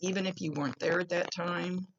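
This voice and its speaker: A woman's voice: lowish voice, steady tone, fairly quick. A woman working as a psychic medium, talking casually and rambling to a client as she gives a reading, with a smoker's cough. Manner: chatty, rambling, stops and restarts. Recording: dull lo-fi recording.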